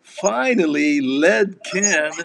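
A man's voice: sits high, lively intonation, very slow, gravelly, a bit bright, a little hiss or hum. A man from Hawaii with a Hawaiian Pidgin accent, hosting a casual chat show, joking and laughing as he talks. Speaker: show host.

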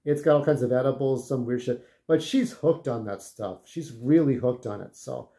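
A man's voice: mid-range voice, moderate pace, warm tone. A man telling casual, rambling stories, full of swearing, who keeps checking in with "okay?". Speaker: vlogger. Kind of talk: casual storytelling.

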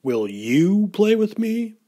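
A man's voice: high-pitched, sing-song, slow pace, dark tone, voice pushed up, heavily acted. A man voicing a lonely, friendly young male shark in a storybook read-aloud, with an eager sing-song delivery.

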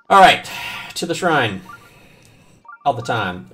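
A man's voice: medium pitch, takes it slowly, pauses often. A man streaming a video game, chatting casually and telling joking, profane stories while he plays. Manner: joking, profane, animated storytelling. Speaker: gaming streamer. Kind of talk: casual gameplay commentary. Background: faint game music.

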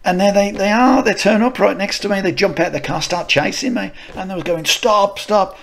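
This middle-aged co-host has a gravelly, high-pitched voice and talks fairly quickly. He tells casual stories on the podcast, often restarting and laughing.

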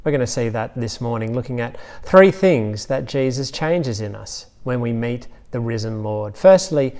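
Australian man, pastor, sermon, storytelling, lively asides. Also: mid-range voice. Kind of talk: Easter sermon.

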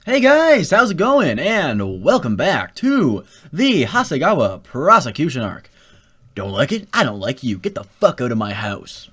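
A young man streaming a game, talking in a goofy, erratic way that jumps from low mumbles to loud yells. His higher voice swoops all over the place while his words come out slow and drawn. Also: huge pitch swings, husky. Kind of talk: chaotic casual gaming chatter.

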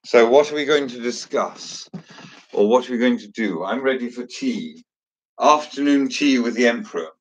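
A man's voice: medium pitch, animated, normal speed. A man hosting a casual chat, joking and chatty with theatrical asides. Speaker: host.

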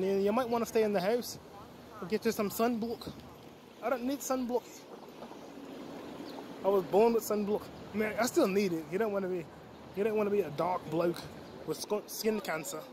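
A man vlogging outdoors in a city, rambling casually and swearing freely as he walks and sits on a bench. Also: high-pitched. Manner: loose, profane, rambling storytelling. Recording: loud outdoor street noise. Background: traffic and city ambience.

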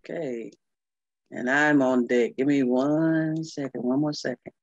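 A woman presenting a historical tribute on a video call, excited and fumbling with screen sharing. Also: a bass voice, a little slow, dry recording. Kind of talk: casual presentation. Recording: dry, muffled call audio.

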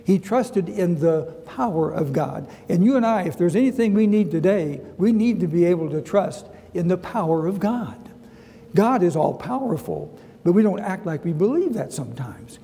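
A middle-aged man with a Southern US accent teaching a Sunday school Bible lesson, earnest, repeating key phrases and slowing down to read scripture. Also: high voice, expressive, dark tone. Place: church sanctuary. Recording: long reverb of a church hall.

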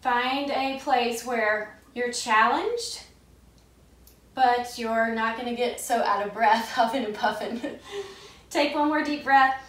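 A woman leading a gentle yoga class, giving calm, soothing cues paced with the breath. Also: on the high side, slow pace, far from the mic. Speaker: yoga instructor. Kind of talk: gentle guided yoga instruction. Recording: echoey room, voice a bit off-mic.

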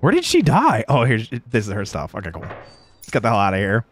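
Animated young man streaming a horror game. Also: lowish voice, a little fast, a little hiss or hum. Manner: animated, jumpy, joking, yells when scared. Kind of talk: casual gaming stream chat.

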